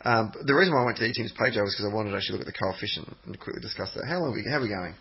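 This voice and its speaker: A man co-hosting a football podcast in casual chat, excitable and bantering, laughing often, on dull lo-fi audio. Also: fairly low pitch, rapid-fire, a little hiss or hum. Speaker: podcast co-host.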